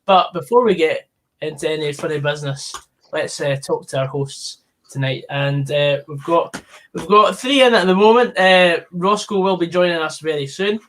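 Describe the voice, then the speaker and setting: A man's voice: fairly high pitch, moderate pace, fairly bright tone. A man hosting a live football stream, chatting casually with co-hosts and reading out viewer comments, with plenty of fillers.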